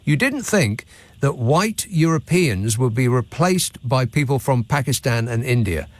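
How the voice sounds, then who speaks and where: A man's voice: medium pitch, expressive, unhurried, dry recording. A man with a British accent hosting a phone-in radio show, talking in a wry, sardonic way from a studio mic. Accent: British English. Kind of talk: late-night call-in radio chat. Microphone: studio microphone.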